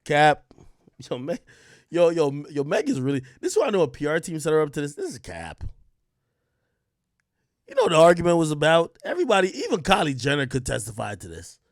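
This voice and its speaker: Male commentator, somewhat high voice, blunt and profane, dry close mic. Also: brisk, long pauses, dry recording. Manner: animated, blunt, profane, talks straight to viewers. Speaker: commentator reacting to an interview clip. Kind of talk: casual reaction commentary.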